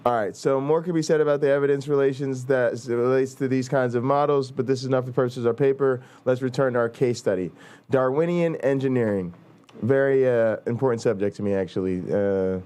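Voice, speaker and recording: A male host in a mid pitch talks loosely and swears freely. When he reads aloud from a text, he stumbles and fills gaps with "uh" and "um.". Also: darkish tone, smooth. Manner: loose, profane, halting with fillers while reading. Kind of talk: casual talk and reading aloud.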